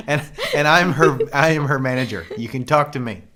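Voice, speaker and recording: A man's voice: medium pitch, bright, forceful tone. A man co-hosting a podcast, chatting casually in a jokey, crude way and laughing readily. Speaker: podcast co-host. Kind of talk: casual chat.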